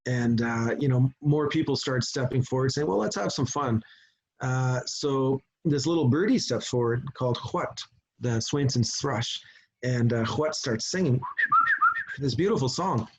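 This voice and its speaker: A middle-aged man from Canada, a chief giving a conference talk, telling a story unhurriedly with frequent pauses and restarts over a video call. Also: medium pitch, darkish tone, slight background noise, rough recording. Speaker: Indigenous chief and conference speaker. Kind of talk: storytelling presentation.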